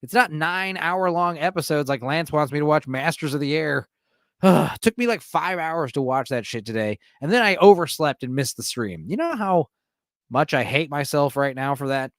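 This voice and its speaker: A man's voice: a little high, expressive, normal speed, fairly bright tone, dry recording, studio quality. A man streaming alone, giving a casual, profane movie recap and laughing often.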